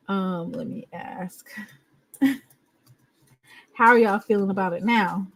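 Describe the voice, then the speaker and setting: A woman hosting a casual live podcast, animated and joking with her viewers. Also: medium pitch, extremely slow. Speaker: podcast host. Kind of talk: casual livestream chat.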